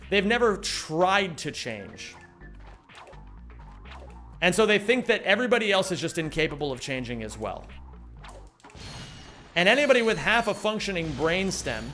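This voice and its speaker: A man's voice: sits high, a bit bright. A young man live-streaming a game, chatting casually and rambling, swearing often and reading chat aloud.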